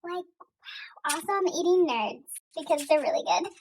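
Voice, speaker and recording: A woman's voice: high-pitched, very animated, moderate pace, noisy background. A young woman chatting casually into her phone, reacting to a TV finale, giggly and exasperated, full of likes and y'alls. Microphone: phone held at arm's length.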